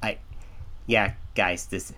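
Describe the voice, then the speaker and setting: A man's voice: low-pitched, steady tone, takes it slowly, background noise. An American man co-hosting a podcast, rambling in casual chat full of restarts and fillers. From United States. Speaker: podcast co-host.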